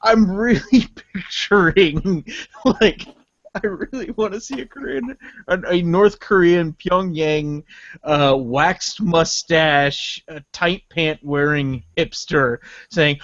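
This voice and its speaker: A man's voice: a little high, slow, a bit bright, no room sound. A man co-hosting a casual comedy podcast, rambling sarcastically and laughing often. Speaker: podcast co-host. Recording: muffled, dry podcast audio.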